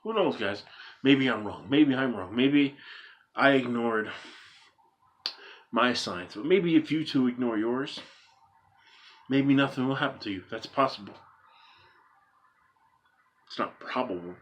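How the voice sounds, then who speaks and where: A man's voice: mid-range voice, animated, measured pace, long pauses, highs cut off. A man speaking earnestly straight to his viewers, emphatic and repetitive, driving his point home with rhetorical questions. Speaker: vlogger. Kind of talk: earnest monologue to camera.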